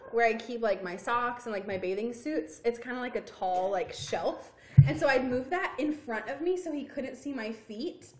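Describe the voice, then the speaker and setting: A woman's voice: a little high, a little mellow. Giggly young woman in echoey room. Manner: giggly storytelling, laughs often. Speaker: podcast co-host. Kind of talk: casual chat.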